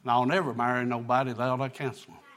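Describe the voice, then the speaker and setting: A man, preaching a sermon, telling a folksy story that builds into shouted preaching. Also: medium pitch, little pitch movement, fast. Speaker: pastor.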